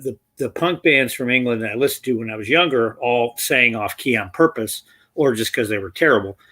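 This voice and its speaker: A man's voice: medium pitch, brisk, sharp tone. A man on a casual livestream, making wry, joking asides. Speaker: co-host.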